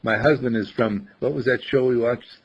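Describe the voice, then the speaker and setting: An older man giving life advice in a casual inspirational talk, animated and chuckling, often acting out little dialogues in a husky voice. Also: medium pitch, normal speed. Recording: dull lo-fi recording.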